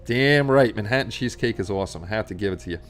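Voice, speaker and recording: A man's voice: lowish voice, racing. Chatty New York man hosting a stream. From Astoria, Queens, New York. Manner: chatty, rambling, reads viewer comments aloud. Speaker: livestream host. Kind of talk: casual livestream chat with viewers. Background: faint Christmas music.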